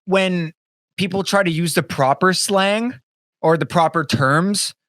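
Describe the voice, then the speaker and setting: A man co-hosting a casual podcast chat, animated and swearing, mocking clients in put-on voices over a webcam. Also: high-pitched, unhurried, no room sound, studio quality. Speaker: podcast co-host, band member.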